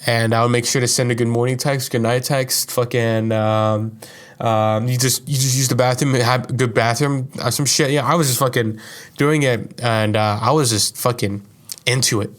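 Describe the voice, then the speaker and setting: Young man rambling profanely, mid-pitched. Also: steady tone, moderate pace. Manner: profane, rambling, heavy use of "like". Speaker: podcast host. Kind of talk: casual confessional monologue.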